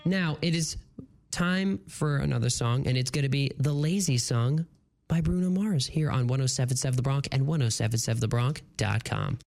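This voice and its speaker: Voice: medium pitch, moderate pace, vocal fry, a little mellow. A morning radio host doing playful solo banter on a close studio mic, laughing at their own slip-ups while stumbling through tongue twisters. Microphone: studio broadcast mic, close.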